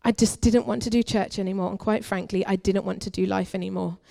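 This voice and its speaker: A young adult woman, a guest preacher at a church, giving an earnest, confessional testimony that moves between forceful and hushed. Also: medium pitch, fairly even intonation, quick pace, creaky. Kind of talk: personal testimony sermon.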